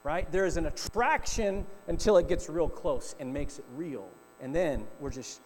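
A man's voice: on the high side, normal speed, a little mellow. A middle-aged male pastor telling a personal story in a sermon, chatty and conversational, often checking in with "right?". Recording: reverberant hall with faint mains hum.

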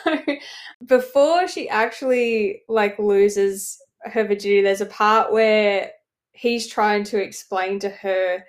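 A woman in casual chat as a podcast co-host, enthusiastic and quick to laugh. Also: mid-range voice.

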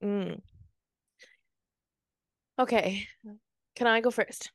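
A woman's voice: mid-range voice, very slow, no echo, clean studio sound. A woman co-hosting a podcast, chatting casually in a rambling, profane storytelling way while sitting in bed. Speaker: podcast co-host. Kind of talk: casual chat. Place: in bed in a room.

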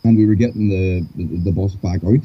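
A man's voice: low-pitched, steady tone, brisk, husky. An Irish man chatting casually over a call, rambling with lots of fillers. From Ireland. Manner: rambling, hesitant, many fillers. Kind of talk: casual chat. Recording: dull lo-fi call audio.

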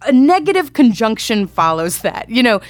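A woman's voice: a little high, sing-song, normal speed, no room sound. Chatty woman, dry close sound. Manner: chatty, self-deprecating, lots of "like" and laughs. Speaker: comedy writer telling a story. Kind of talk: casual storytelling conversation.

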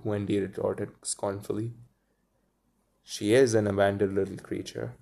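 Man, storybook reading with asides, dark mellow tone, musing. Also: fairly low pitch, level tone, a little slow, gravelly. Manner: muses aloud between passages. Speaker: reader.

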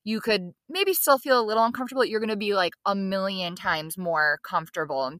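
Woman podcast co-host, bright and animated storyteller, close dry recording. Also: mid-range voice, fairly quick, dry recording. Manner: animated storytelling, acts out quoted lines, swears casually. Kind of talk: casual chat.

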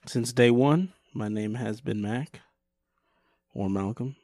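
A man's voice: mid-range voice, slow pace, dark tone, no echo, clean studio sound. A man co-hosting a casual movie podcast, trading teasing, playful banter. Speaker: podcast co-host.

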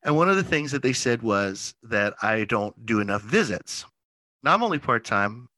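A man who is a pastor talks through a casual story with lots of repeated words and restarts. His voice is bright and forward. The sound is dry and close, with no room behind it. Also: mid-range voice, very animated, moderate pace, no room sound, rough recording. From northern United States. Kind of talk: casual podcast chat.

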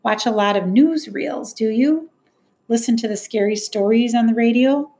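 A woman's voice: on the high side, normal speed, warm tone, lightly acted. A woman voicing a skeptical, condescending man behind a police desk in an audiobook. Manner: condescending, smirking. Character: brusque, skeptical middle-aged male desk officer.

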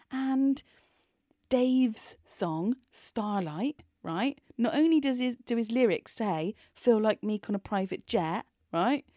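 Excitable woman, dry close sound. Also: medium pitch, no echo. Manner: chatty, animated, excitable. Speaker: podcast co-host. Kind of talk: casual music chat.

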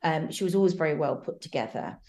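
A middle-aged woman from England, a guest who talks warmly and reflectively in an interview, hesitating with ums and restarts. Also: deep voice, animated, fast.

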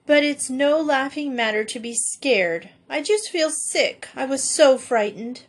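A woman's voice: mid-range voice, moderate pace, natural voice. A timid young girl from an old storybook, her voice small and quivering, as a woman reads her. She sounds easily frightened and worn out. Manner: tremulous, timid.

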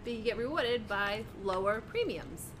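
A woman being interviewed on a casual podcast, friendly and reassuring with quick laughs. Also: big pitch swings, fairly bright tone. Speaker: podcast guest, insurance agent. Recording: audible background rumble.

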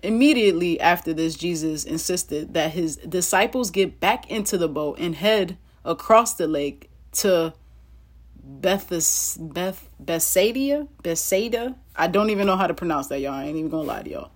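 A woman's voice: on the low side, moderate pace. A woman reading Bible passages aloud and breaking off into chatty asides to her listeners, often laughing as she goes. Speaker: Bible teacher. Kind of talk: casual Bible reading with commentary.

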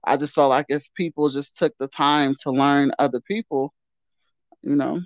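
A woman's voice: sits low, fairly even intonation, normal speed, dry recording, highs cut off. A woman guest in a casual podcast debate who speaks emphatically and with self-assurance, often repeating her words.

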